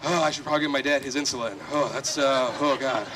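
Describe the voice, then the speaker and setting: A man's voice: mid-range voice, steady tone, fast talker, noisy background. A man performing a self-deprecating, rambling stand-up set at an outdoor street festival. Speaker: stand-up comedian.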